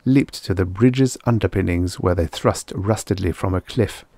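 A man with a lowish voice reads a vintage science fiction story aloud in a measured storytelling manner. The recording is dry and close, with no room sound. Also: warm tone, no room sound. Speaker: audiobook narrator.

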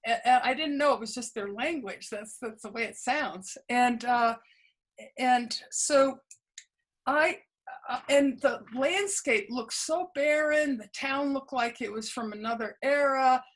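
A woman with a high voice speaks a little slowly in a low-quality recording. She's a memoir author being interviewed, earnestly telling stories from her past, acting out quoted dialogue and often restarting small bits.

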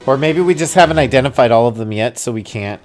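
A man's voice: mid-range voice, lively intonation, fast talker. A man streaming a video game, thinking aloud and puzzling over clues, with sudden startled outbursts. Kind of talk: casual gameplay commentary. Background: faint music.

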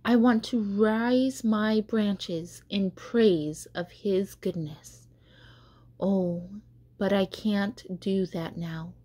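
A woman voicing a remorseful, proud male tree in a storybook reading, with high, strained cries. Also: fairly even intonation, extremely slow, warm tone. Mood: sorrowful.

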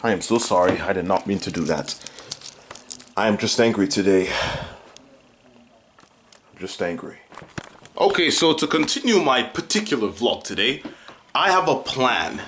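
A young man vlogging at home, dramatic and whiny, swinging between loud complaints and mutters. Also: fairly low pitch, sing-song, a little slow, long pauses, a little hiss or hum. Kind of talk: casual home vlog.

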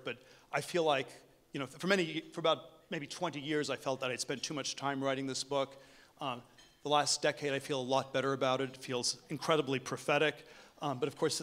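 Halting man giving a keynote. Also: mid-range voice, a bit bright. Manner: halting, many restarts and fillers. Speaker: keynote speaker. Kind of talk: conference keynote speech. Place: hotel conference room.

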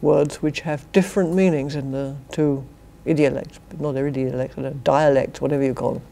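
A woman's voice: low-pitched, fairly even intonation, moderate pace, vocal fry, warm tone. An older British woman with a British accent, a philosophy professor giving an academic lecture to a university society, with wry, dry humour and chuckled asides. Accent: British English. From Britain.

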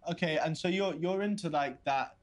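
A man's voice: a little high, normal speed, close to an everyday voice. Actor as a stammering young man on a date. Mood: eager. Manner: hesitant, stammering, polite. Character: hesitant, eager young man on a video date. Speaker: player character on video dates.

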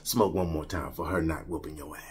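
A man chatting casually while showing off his toy collection at home, joking and slangy and quick to laugh. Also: rumbling low, fairly even intonation, a little hiss or hum. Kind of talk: casual unboxing chat. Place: home collection room with shelves.

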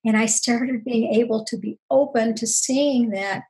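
Older woman speaking earnestly, slightly high. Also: normal speed, hardly any pauses, low-quality recording. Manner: earnest, reflective, laughs softly. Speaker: guest, counselor. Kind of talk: interview conversation.

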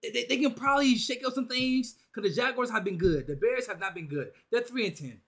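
A man hosting a sports reaction video, talking casually and excitedly to his viewers in slangy chat. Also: extremely high pitch, brisk.

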